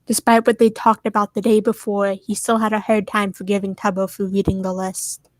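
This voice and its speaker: A woman's voice: mid-range voice, level tone, fairly quick, dry recording. Woman reading a story aloud, dry sound. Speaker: reader of fan fiction on a stream. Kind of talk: reading fan fiction aloud.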